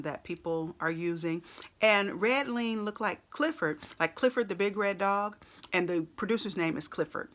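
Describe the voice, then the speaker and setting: Woman, lower-pitched and bright-toned, casually talking a song's lyrics through with frequent ums and likes. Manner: chatty, explanatory, frequent fillers. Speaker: lyrics explainer. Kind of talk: casual explanation of song lyrics.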